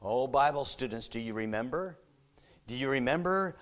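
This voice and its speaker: During a church sermon, a preacher recounts a story at normal speed. His delivery is lively, swinging from hushed, low remarks to booming, excited outbursts.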